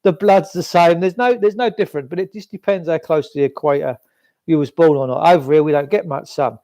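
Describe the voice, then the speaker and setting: High-voiced man ranting on a livestream. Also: fairly quick, dark tone, no echo. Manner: rambling, opinionated, reads out viewer comments. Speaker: livestream host. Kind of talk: casual livestream chat.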